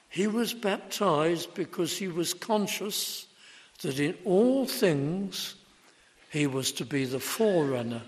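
A man preaching a sermon slowly and deliberately, leaning hard on key words for emphasis. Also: fairly high pitch. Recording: long hall reverb.

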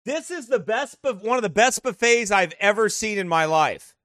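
A man with a strikingly high, bright voice tells casual stories while flipping through his photos. He is animated, laughs often, and the sound is dry and close. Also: normal speed, no room sound. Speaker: vlogger showing travel photos. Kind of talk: casual storytelling.

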